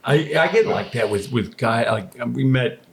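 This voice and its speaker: A man's voice: mid-range voice, animated, normal speed. A middle-aged man with an Australian accent, a podcast co-host sharing a rambling anecdote in casual chat. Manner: rambling name-dropping anecdote. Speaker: podcast co-host, former player.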